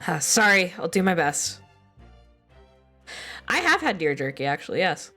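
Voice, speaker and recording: A woman's voice: on the low side, sing-song, normal speed, bright, forceful tone, faint music behind. Giggly woman streamer rambling. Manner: rambling and giggly, with many restarts. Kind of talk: casual game-stream chat.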